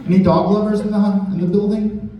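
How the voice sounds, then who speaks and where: Brief: rambling foul-mouthed stand-up comic, high-ish voice, far off in a roomy hall. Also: male voice, level tone, brisk. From Canada. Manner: crude, rambling, swears a lot. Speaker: stand-up comedian. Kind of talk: stand-up set. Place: large indoor hall, live show. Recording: echoey hall from far off, crowd noise. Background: audience laughter.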